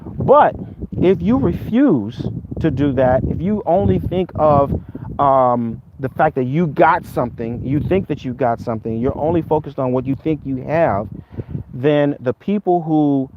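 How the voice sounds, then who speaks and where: A man with a slightly raised pitch retells a spiritual tale as a lesson, animated and improvised, stumbling over repeated words. The audio is dull and lo-fi with a faint hiss underneath. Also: unhurried. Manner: animated storyteller, vocalizes sounds, repeats words. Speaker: Ifa teacher. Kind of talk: storytelling lesson.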